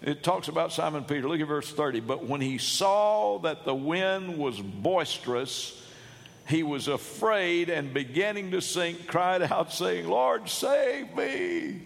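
A man preaching a sermon, emphatic, rising to loud shouts when he quotes. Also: on the high side, animated, a little slow, creaky. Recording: long hall reverb.

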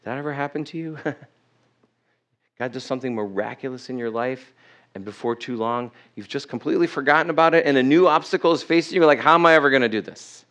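Speaking a little fast in a medium-pitched, fairly bright voice, this middle-aged pastor preaches to his church congregation. He stops to correct himself while reading scripture and asks the listeners questions.

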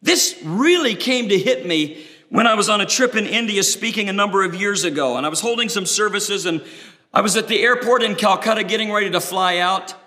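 A man's voice: high-pitched, animated, a little fast, bright, forceful tone. A man preaching a sermon with dramatic delivery, acting out the voices he quotes. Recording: long reverb of a large hall.

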